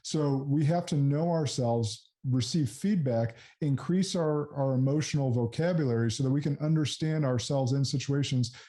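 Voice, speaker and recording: A man's voice: mid-range voice, normal speed, few pauses, mellow. A man in his thirties hosting a podcast, speaking in an earnest, affirming, reflective way. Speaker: podcast host. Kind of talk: casual interview chat.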